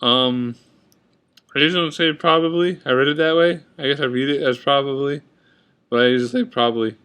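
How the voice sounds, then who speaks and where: A man's voice: medium pitch, steady tone, fairly quick, a bit bright, clean tone. Casual man reading a word list. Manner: reads word list, comments offhand. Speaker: vlogger. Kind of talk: casual accent tag video. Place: indoors at a computer. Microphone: webcam at computer.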